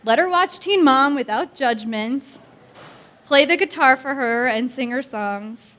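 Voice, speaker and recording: A woman gives a heartfelt wedding toast to her sister and welcomes the groom into the family. She is affectionate but feisty, with a touch of scrappy teasing. Her voice sits somewhat high. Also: a little slow, fairly bright tone. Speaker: bride's sister giving a toast.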